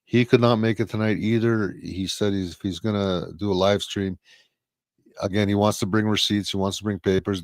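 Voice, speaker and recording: Blunt low-voiced man on a live stream. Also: no echo, clean studio sound. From Canada. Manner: blunt, profane, rhetorical questions. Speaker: co-host of a live-stream talk show. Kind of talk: casual live-stream commentary.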